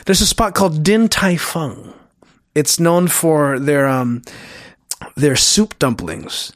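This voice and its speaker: A man in his thirties, an animated storyteller in casual chat who swears a lot and uses many fillers. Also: fairly high pitch, slow, no echo, studio quality.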